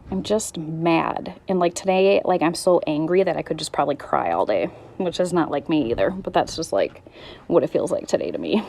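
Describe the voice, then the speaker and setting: Weary, gravelly-voiced woman vlogging. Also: lowish voice, a little mellow, a little hiss or hum. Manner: raw, rambling, restarts and trails off. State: struggling and weary. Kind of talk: candid personal vlog.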